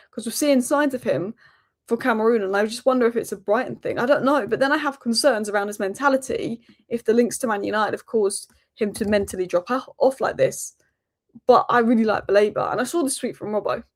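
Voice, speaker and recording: A woman hosting a daily football news roundup, talking rapid-fire and opinionated. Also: on the high side, darkish tone. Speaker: football channel host.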